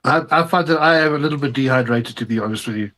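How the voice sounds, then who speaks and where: A man's voice: mid-range voice, fast talker, bright, forceful tone. A man co-hosting a talk show, chiming in with short, wry quips. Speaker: co-host. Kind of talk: casual talk-show chat.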